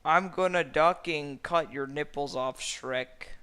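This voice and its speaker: A man voicing a furious, betrayed young princess in a shrill, melodramatic way during a comic fan-fiction reading. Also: slow, pushed and bright, smooth. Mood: angry.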